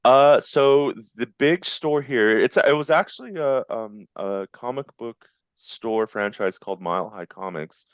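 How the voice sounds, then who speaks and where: A man's voice: mid-range voice, a little slow, clear, resonant tone, dry recording, clean studio sound. A man in his forties talking casually as an interview guest, enthusiastic and rambling, often restarting his sentences. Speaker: guest, visual effects artist.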